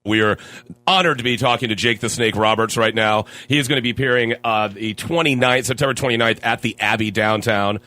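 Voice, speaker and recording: Bright-voiced radio host plugging his guest. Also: medium pitch, a little fast. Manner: laughing reactions, formal plug for the guest. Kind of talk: casual interview.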